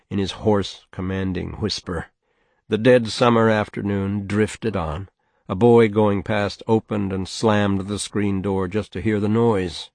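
A man narrating a novel as an audiobook in a measured, even storytelling manner. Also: on the low side, no echo.

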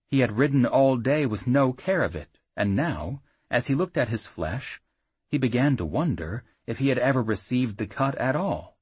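A man narrating a fantasy audiobook in a measured, even storytelling manner. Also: medium pitch, slightly rough, dry recording.

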